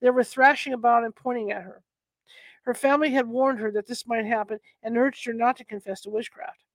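A woman reads a nonfiction history book aloud in a somewhat high voice, pausing to fix her stumbles and toss in casual remarks. Her allergies are bothering her. The sound is close and dry, with no room echo. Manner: stumbles and corrects herself with chatty asides.

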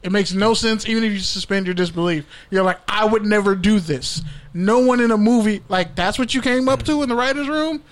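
A man hosting a sports podcast in a fairly high voice, talking casually. He rants and cracks jokes, swearing freely as he goes. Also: a little fast, hardly any pauses. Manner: profane, joking rants. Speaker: podcast co-host.

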